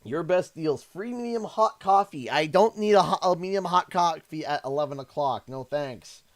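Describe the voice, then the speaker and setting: A man's voice: on the high side, expressive, moderate pace, dry recording. A man from Canada chatting on a live stream, emotional and effusive, often stammering and repeating himself. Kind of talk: casual live-stream chat.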